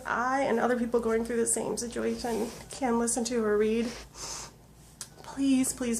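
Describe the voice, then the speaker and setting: A woman in her thirties, tearful, talking earnestly and haltingly in a personal video diary full of fillers. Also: fairly high pitch, a little hiss or hum. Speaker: vlogger.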